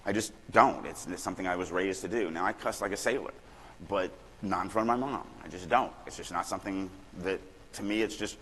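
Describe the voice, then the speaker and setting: Speaking a little fast in a low voice, a middle-aged Louisiana man delivers a playful writing workshop lecture, acting out examples as he goes. The large conference hall gives a long reverb, with slight background noise.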